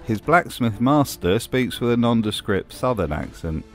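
A man's voice: medium pitch, animated, moderate pace, faint music behind. A man narrating a scripted commentary with dry, sarcastic humor. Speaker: video essay host.

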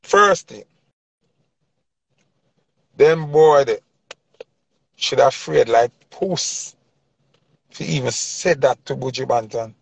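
A man's voice: mid-range voice, animated, slow pace, creaky, pauses often, no room sound. A man with a Jamaican accent giving an impassioned opinion rant in heavy patois, preaching and repeating his points for emphasis. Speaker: commentator.

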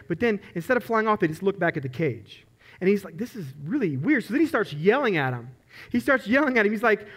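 Male lead pastor, high voice, earnest sermon storytelling with restarts. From United States. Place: church sanctuary.

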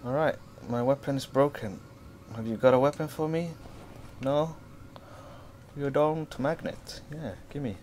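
A man casually commenting on his gameplay, swearing and excitedly talking back to the characters on screen. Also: medium pitch, a little slow, slight background noise. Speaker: gamer playing through a game. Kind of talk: casual let's-play commentary.

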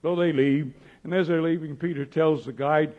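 A man's voice: on the high side, moderate pace. A male pastor preaching a sermon as a story, acting out the lines of its characters in his own voice. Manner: acts out dialogue in plain voice, animated. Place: church sanctuary. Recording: dull old church audio with long reverb.

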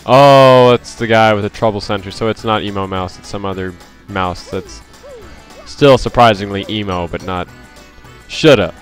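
A man's voice: fairly low pitch, moderate pace, faint music behind. A man giving casual, rambling, self-deprecating commentary while playing a video game and reading characters' lines aloud. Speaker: let's play host.

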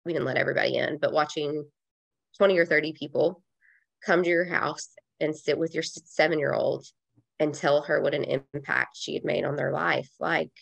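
A woman's voice: sits low, fairly even intonation, moderate pace, creaky, no echo. A woman in her thirties, a podcast guest, speaks earnestly and reflectively in a heartfelt conversational interview, with casual fillers.

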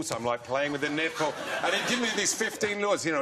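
Man on a talk show sofa, lively pitch, storytelling, noisy studio. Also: quick pace. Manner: animated storytelling with voices. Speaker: guest. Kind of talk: anecdote on a chat show.

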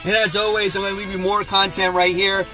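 A man's voice: sits high, little pitch movement, brisk, music in the background. A man hosting a casual comic haul video, laid-back and blunt, often tacking "man" onto his sentences. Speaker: comic book channel host.

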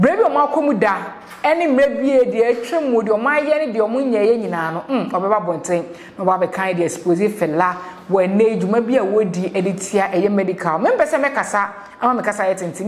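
A woman with a Ghanaian accent presenting entertainment gossip, switching between Twi and English in brisk commentary. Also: medium pitch, roomy sound. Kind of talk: narrated entertainment news.

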